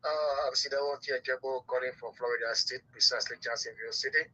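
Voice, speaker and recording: A man phoning in to a radio show, explaining his points one by one in a measured way. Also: medium pitch, steady tone, sharp tone, slight background noise. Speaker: caller. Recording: muffled phone line.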